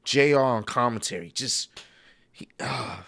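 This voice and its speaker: A man's voice: mid-range voice, animated, a little slow, fairly bright tone. A man reacting in casual chat, exclamatory, cursing freely and bursting into laughter. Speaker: co-host reacting to wrestling.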